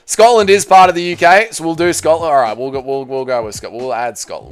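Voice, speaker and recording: A man's voice: a little high, fairly even intonation, quick pace. Bantering young male livestream host. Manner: bantering, answers chat, slangy with "mate" and "bro". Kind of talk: casual livestream chat.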